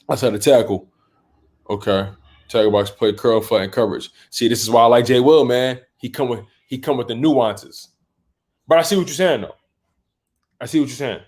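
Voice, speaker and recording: A man's voice: on the low side, darkish tone. A man hosting a fan livestream, chatting casually and reading out viewer comments. He rambles, restarts his sentences and keeps saying "man" and "bro", and he sounds a little sleepy. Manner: rambling, repeats words and restarts, loose slang like "man" and "bro"; yawning and a bit sleepy. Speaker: host of a sports livestream.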